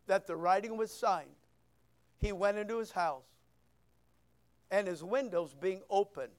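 Male pastor with a very high, smooth voice, preaching conversationally. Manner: conversational, asks the listeners questions, reads scripture aloud. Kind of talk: sermon.

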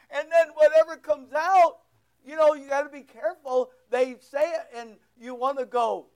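A man's voice: very high-pitched, fairly even intonation, moderate pace, a little mellow. A man preaching a sermon, talking to his congregation in an emphatic, conversational way full of rhetorical questions. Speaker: pastor.

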